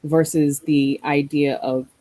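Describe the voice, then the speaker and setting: Spoken-word poet, mid-pitched, mellow tone, deliberate rhythmic phrasing. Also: little pitch movement, poor audio. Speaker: guest poet. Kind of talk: spoken-word poetry and reflective talk.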